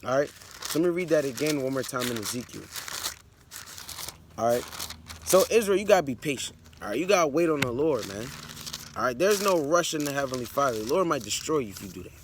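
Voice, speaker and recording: A man's voice: medium pitch, very animated, fairly quick, slight background noise. Blunt man preaching from scripture. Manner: blunt, conversational preaching, peppered with "all right" and "man"; reads scripture aloud, then explains it. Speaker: Bible teacher. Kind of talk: street-style Bible teaching.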